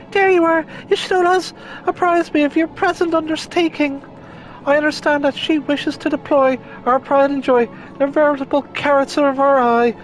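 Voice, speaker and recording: A man's voice: extremely high pitch, voice pushed up, rough recording. A man voicing a small, fussy rabbit-folk helper in a video game, prim and overly polite. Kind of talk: reading game dialogue aloud with voices.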